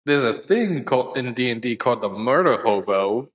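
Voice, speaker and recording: This podcast co-host has a mid-range, expressive voice and speaks at a moderate pace in casual chat. He's laid-back and rambling, leaning on plenty of fillers, and the audio quality is poor.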